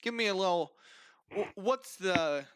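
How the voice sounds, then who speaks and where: A man voicing a gruff male city guard leader in a tabletop game, speaking with halting restarts. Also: high voice, expressive, a bit bright, no echo, pitched above the performer's own voice. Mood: probing.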